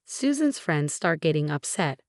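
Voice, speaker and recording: A woman narrating a scripted first-person story, reading all the characters in one steady voice. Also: low voice, unhurried, dry recording, clean studio sound.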